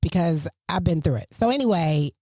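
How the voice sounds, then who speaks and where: A middle-aged woman hosting a casual family podcast, telling a story with lively, swinging emphasis. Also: brisk, no room sound, clean studio sound. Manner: animated, storytelling, swings pitch widely for emphasis. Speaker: podcast host.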